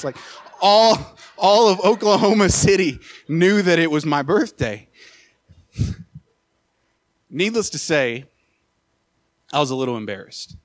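A young man preaching, telling a personal story in an animated way, with many filler uhs and repeated words. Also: fairly high pitch, unhurried, pauses often. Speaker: associate pastor. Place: church sanctuary.

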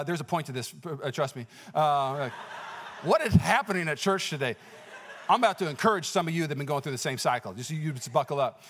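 Fast-talking high-voiced male pastor. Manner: energetic, personal storytelling with exclamations; conversational with many fillers and restarts. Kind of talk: sermon.

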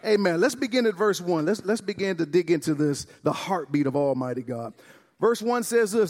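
Calling out to his congregation, a pastor delivers an exuberant sermon during a church service. He speaks at a moderate pace in a high-pitched, expressive voice, with a big-room sound.

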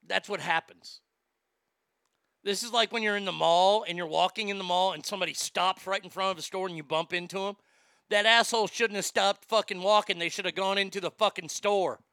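A man's voice: high voice, fairly even intonation, fairly quick, sharp tone, smooth, no echo, clean studio sound. A man hosting a talk show, ranting bluntly and sarcastically with plenty of profanity, and reading listener comments aloud. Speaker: radio talk show host.

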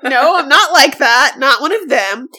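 Woman reading as a fragile, seductive alien ghostling, softly coaxing, lively pitch, bright tone. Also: unhurried, full character voice. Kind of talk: read-aloud novel dialogue.

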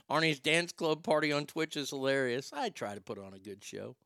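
A man in his forties chats casually on a livestream from his home studio. He rambles and jokes, with swearing mixed in. His voice is slightly high, very bright, and dry, with no room sound. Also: animated, moderate pace, vocal fry, clear, resonant tone, dry recording. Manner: joking, profane, rambling. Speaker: livestream host.

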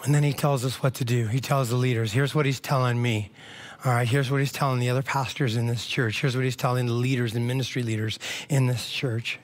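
A man's voice: mid-range voice, steady tone, brisk. A man preaching a casual, conversational sermon as pastor to his church, with frequent asides.

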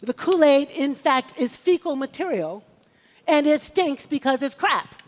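A woman's voice: sits high, animated, a little slow. A woman preacher delivering an emphatic, rhythmic sermon and calling on the congregation for amens. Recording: long reverb of a large hall.

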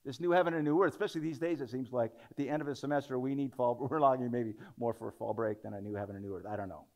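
A man's voice: medium pitch, rapid-fire. Man preaching a conversational sermon. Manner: conversational preaching that swells into dramatic scripture reading.

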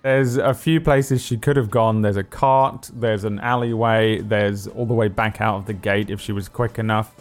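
A man narrating as game master of a tabletop game in a calm, measured way. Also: on the low side.

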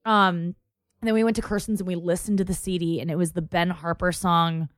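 A woman's voice: fairly low pitch, flat delivery, fairly quick, no echo, studio quality. A young adult woman in a casual chat, telling a long personal story and quoting the people in it.

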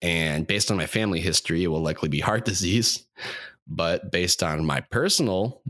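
A young man hosting a podcast, delivering a rambling comedic monologue with deadpan, self-deprecating humor. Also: low voice, normal speed, no echo, studio quality. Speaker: podcast host.

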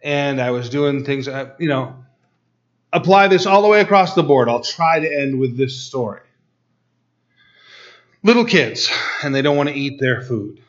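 A middle-aged male preacher tells a story in his sermon, speaking in quick bursts with stammered restarts. His voice sits at an everyday middle pitch. The recording sounds dull and lo-fi.

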